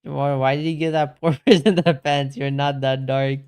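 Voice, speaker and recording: A man's voice: medium pitch, fairly even intonation, normal speed, a little mellow, smooth. A young man streaming games, chatting casually with his chat and reading messages aloud, laid-back and saying "bro" a lot. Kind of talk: casual live-stream chat while gaming.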